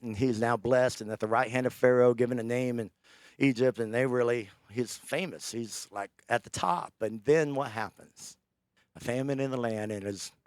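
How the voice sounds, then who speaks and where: A man preaching a sermon, telling a scripture story with animated, acted-out character lines. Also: medium pitch, no echo, studio quality.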